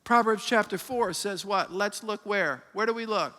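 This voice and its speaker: Animated preaching pastor in a big hall. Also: male voice, high-pitched, normal speed. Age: 50s. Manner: call-and-response preaching, animated storytelling. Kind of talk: sermon. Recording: long reverb of a large hall.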